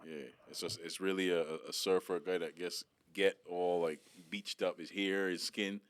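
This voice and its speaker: A man's voice: sits low, flat delivery, normal speed, no echo. A man from the Caribbean co-hosting a podcast in casual chat, easygoing and laughing often. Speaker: podcast co-host.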